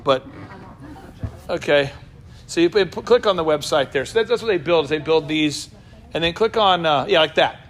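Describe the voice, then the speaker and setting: A man hosting a business talk show, joking and firing quick questions at the people in the room. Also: a little high. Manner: animated, jokey, quick asides to the room. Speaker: business coach and show host. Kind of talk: lively talk to a live room.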